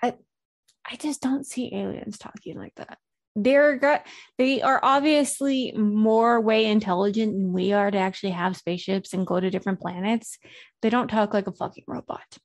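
A woman's voice: mid-range voice, fairly even intonation, normal speed, no echo. Brief: woman, casual podcast co-host, talkative and sweary, plain mid voice, dry booth sound. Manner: chatty, sweary, does silly sound effects. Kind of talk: casual chat.

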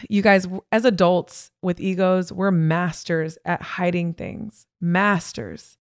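Speaking slowly and at a fairly low pitch, this young podcast host shares a candid personal story straight to her audience, frank and emphatic throughout. Her intonation stays fairly even and her tone is clean. The studio-quality recording has no echo.

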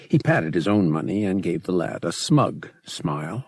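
A man reading an audiobook in an expressive, measured scripted narration. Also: deep voice, breathy edge, no room sound, clean studio sound.

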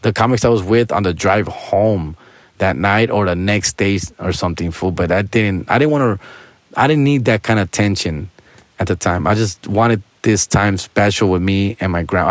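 A man's voice: deep voice, normal speed, no room sound. A male stand-up comedian telling a personal story to listeners in a casual, candid way, full of street slang. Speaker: stand-up comedian, podcast host.

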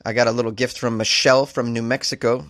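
A man's voice: medium pitch, flat delivery, fast talker, a bit bright, no room sound, studio quality. A man hosting a comedy podcast in a casual, jokey, self-deprecating way.

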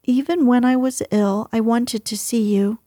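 A woman voicing an earnest young boy from a storybook, speaking in a soft, whispery way with her pitch raised. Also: steady tone, measured pace, no echo, studio quality. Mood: shy. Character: sickly boy, eager and earnest.

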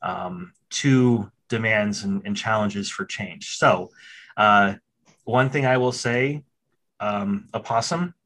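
A male podcast host with a somewhat low voice. He interviews a guest candidly, reflects openly on his own reactions, and pauses with hesitant fillers as he frames his questions. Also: a bit bright.

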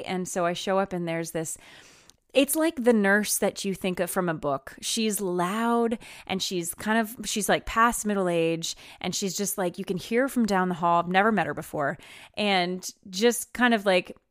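A woman at mid pitch chatting casually on a podcast, recorded close and dry in a bedroom. She tells stories with energy and acts out what other people said. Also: moderate pace, no echo. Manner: animated storyteller who acts out quoted people. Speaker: podcast co-host, wedding singer. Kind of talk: casual chat. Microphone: headphones off, sitting in the room.

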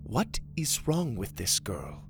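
A man voicing a calm girl from an underground people, speaking formally without contractions. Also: fairly low pitch, slow pace, vocal fry, over music, exaggerated voice.

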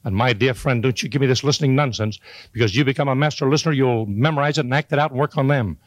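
An older man delivers a motivational talk from a conference stage, folksy and teasing, with emphatic repetition. His voice sits at an everyday middle pitch. The sound is close and dry, with no room echo. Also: fast. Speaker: motivational speaker. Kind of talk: motivational speech to a live audience.

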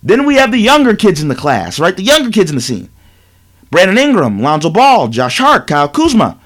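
A male sports talk host with a high voice that swings widely in pitch. He lectures emphatically, hammering his points with repetition. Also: wildly swooping pitch, brisk, a bit bright. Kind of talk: animated sports commentary monologue.

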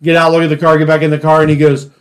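A man's voice: a little high, monotone, rapid-fire. A middle-aged man, a former police officer, telling stories casually and animatedly, often laughing. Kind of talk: casual storytelling.

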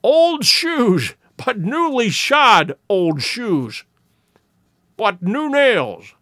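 A man voicing an eager, sharp male detective who makes brisk, emphatic deductions in an audiobook reading. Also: sits high, very animated, no room sound, studio quality, pitched above the performer's own voice, heavily acted. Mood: excited, insistent.

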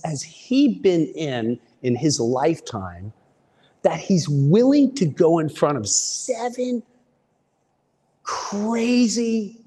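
A young man tells stories in a casual, animated way, his pitch swinging widely as he acts things out. His voice is slightly husky, and a long reverb lingers around it. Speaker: guest comedian. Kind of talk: casual storytelling.

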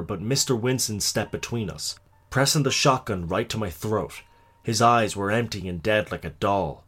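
A man's voice: lowish voice, fairly bright tone, breathy edge. A man giving a scripted horror story reading as narrator.

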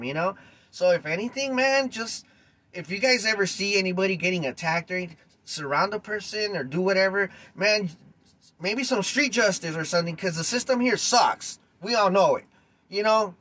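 A man with a high-pitched voice hosts a podcast and rants at his listeners. He talks bluntly and with heat, throwing in plenty of street slang. His delivery stays direct and confrontational. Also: sharp tone, no echo, poor audio. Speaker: podcast host. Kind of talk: ranting podcast monologue.

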